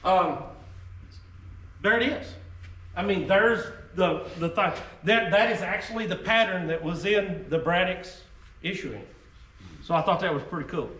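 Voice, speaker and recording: This man's voice sits high and a bit bright, and he speaks a little slowly with long pauses. He's a reenactor giving a group an informal, emphatic history talk in a folksy, conversational way, with drawling asides. The room is echoey and he's heard from a distance.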